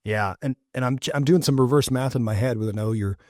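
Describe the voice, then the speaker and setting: A man's voice: medium pitch, a little mellow, dry recording, clean studio sound. A man hosting a podcast interview, talking in a reflective, personal way. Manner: reflective, personal, pauses to think. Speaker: podcast host. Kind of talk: casual interview chat.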